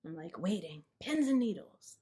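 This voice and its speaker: A woman's voice: fairly low pitch, very animated, normal speed, mellow. A woman hosting a study session, reading passages from a book aloud and chatting casually with her live audience between passages. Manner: casual and chatty, with frequent fillers and asides. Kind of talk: reading aloud and commenting, answering chat live.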